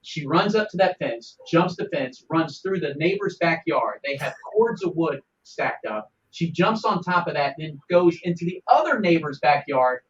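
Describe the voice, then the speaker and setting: Male podcast co-host, slightly high voice, chatty rambling storyteller, recorded off-mic and dull. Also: moderate pace, few pauses. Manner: lively, rambling storyteller with many restarts. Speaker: podcast co-host for an animal shelter. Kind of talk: casual podcast chat. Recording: distant, dull mic with faint ambience.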